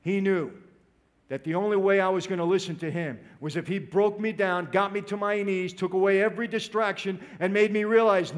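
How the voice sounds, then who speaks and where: A man's voice: sits high, steady tone, brisk. A man giving an emotional religious testimony, speaking straight to his audience and calling them "people". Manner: emotional, direct, addresses listeners as "people".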